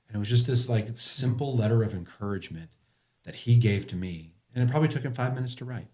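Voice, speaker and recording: A man's voice: medium pitch, lively intonation, fast, a little mellow, roomy sound. A middle-aged man telling stories in an earnest, casual chat, often quoting what others said. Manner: earnest, storytelling with quoted dialogue; joking. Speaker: podcast guest.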